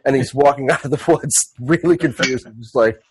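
A man's voice: medium pitch, fairly quick, a little mellow, a little hiss or hum. A man playing a tabletop game, describing his character in a rambling way with many fillers and jokes. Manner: rambling, filler-heavy, joking. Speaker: player. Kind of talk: casual tabletop role-play.

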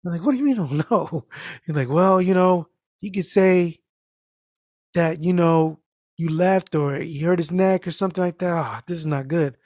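A man with a slightly high voice and a normal speaking speed shares a work anecdote in relaxed conversation, with no echo on the recording. As a guest storyteller, he's animated and profane, cursing freely and acting out the people's voices.

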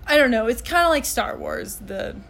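Podcast co-host, 30s woman, bubbly storyteller, voice sits a bit high. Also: expressive, normal speed, gravelly, a bit bright. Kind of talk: casual chat.

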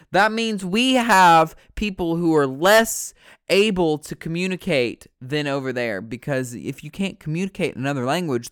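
A man's voice: on the high side, a bit bright, clean tone, dry recording, studio quality. A man from the United States chatting in a rambling, profane way, correcting himself as he goes. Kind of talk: casual rambling chat.

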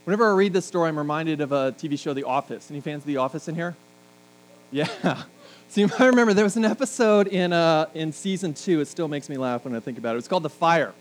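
A man's voice: on the high side, expressive, fast talker, low-quality recording. Joking, conversational male preacher. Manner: conversational, joking asides to the congregation. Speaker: pastor. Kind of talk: sermon. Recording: faint mains hum.

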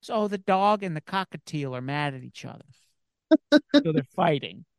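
Slightly high-voiced man telling a story. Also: expressive, normal speed, gravelly, dry recording, clean studio sound. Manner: rambling storytelling with many fillers and restarts. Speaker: podcast host. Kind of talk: casual chat.

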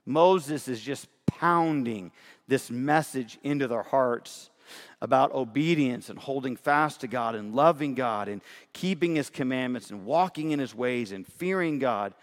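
A man's voice: mid-range voice, lively intonation, a little slow. A middle-aged man preaching a sermon as pastor, earnest and emphatic, often checking in with his listeners. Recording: long hall reverb.

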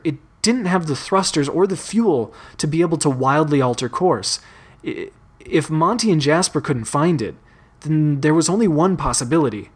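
A man narrating a fan story in a plain, measured reading. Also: fairly high pitch, breathy edge.

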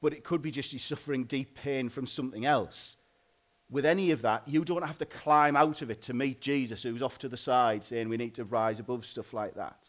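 A married man preaching a sermon in a loose, conversational way, often pausing and restarting. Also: medium pitch, steady tone. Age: adult, married. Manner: informal, conversational, frequent "like" and restarts.

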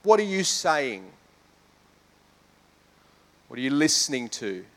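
A man's voice: mid-range voice, sing-song, takes it slowly. Fervent man preaching. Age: adult with children. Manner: conversational preaching that builds to fervent emphasis. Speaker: pastor. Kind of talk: sermon.

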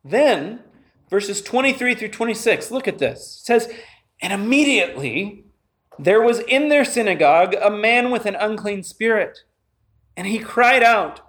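A man's voice: high voice, expressive, unhurried, a bit bright. A man preaching a sermon to his congregation, earnestly asking them questions and reading scripture. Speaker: pastor.

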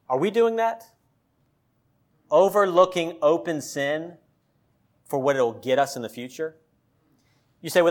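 A male pastor preaching a sermon, emphatic, with loud peaks and pointed questions to the congregation. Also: fairly high pitch.

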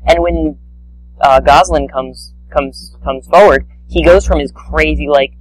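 A man co-hosting a podcast, chatting casually about a cartoon in a rambling, animated, mocking way. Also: a little high, measured pace, faint music behind, rough recording. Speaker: podcast co-host. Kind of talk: casual chat reviewing a cartoon.

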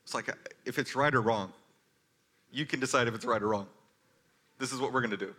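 A man preaching a sermon as a pastor, talking in a conversational, animated way with casual asides. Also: mid-range voice, brisk, pauses often.

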